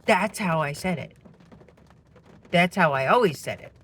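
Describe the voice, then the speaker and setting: A woman's voice: lowish voice, lively intonation, unhurried, fairly bright tone, breathy edge. Indignant woman venting a personal story. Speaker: parent telling a personal story. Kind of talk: personal vlog monologue.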